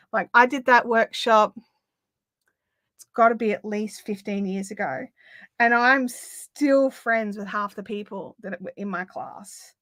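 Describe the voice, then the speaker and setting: Bright, chatty Australian woman host. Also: fairly high pitch, dry recording. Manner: chatty, lots of fillers, laughs easily. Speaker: craft livestream host. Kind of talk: casual chat, reading viewer comments.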